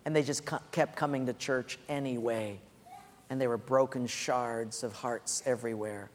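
A man preaching a sermon as pastor, earnest and repetitive, dropping soft and low on his key points. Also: fairly even intonation, moderate pace. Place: church sanctuary. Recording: echoey hall.

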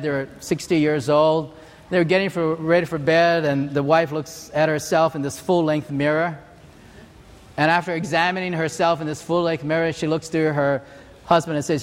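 An older man from Hawaii preaches, his voice sitting a little high for a man. He talks in an earnest, measured way, moving through stories and scripture. The sound carries a long, ringing reverb from a big hall. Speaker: pastor. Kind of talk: sermon.

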